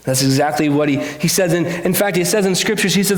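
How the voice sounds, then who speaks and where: A man delivers a heartfelt, conversational sermon with a fairly high voice. He speaks earnestly and confessionally, tripping over restarts as he goes. The sound rings through an echoey church room. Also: a little fast. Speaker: preacher.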